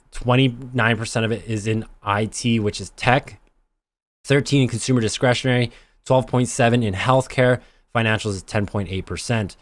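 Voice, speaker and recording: A man's voice: lowish voice, no room sound. A young man hosting an investing channel, talking through numbers on screen in a chatty, plainspoken way and correcting himself as he goes. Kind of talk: casual screen-share explainer.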